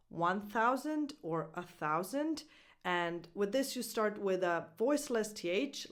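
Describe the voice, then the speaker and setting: A woman coaching English pronunciation, saying each word slowly and repeating it for drilling. Her first language is Italian. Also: mid-range voice, fairly bright tone. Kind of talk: pronunciation lesson.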